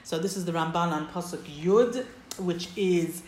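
A woman's voice: fairly low pitch, moderate pace, darkish tone. Woman teaching a text class, roomy sound. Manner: explains step by step, checks in with "right?". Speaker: Torah teacher. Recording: roomy echo.

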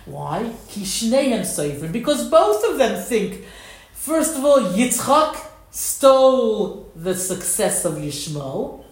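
A woman giving an animated Torah lesson, quoting Hebrew texts and explaining them with rising emphasis. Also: a little high, unhurried, reverberant. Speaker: Torah teacher. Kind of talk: lecture.

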